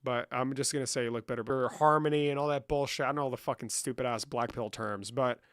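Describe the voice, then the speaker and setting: A man's voice: mid-range voice, steady tone, fast, a bit bright, clean tone, dry recording, clean studio sound. A young man hosting a livestream, reading chat questions and answering with profane, joking banter. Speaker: livestream host.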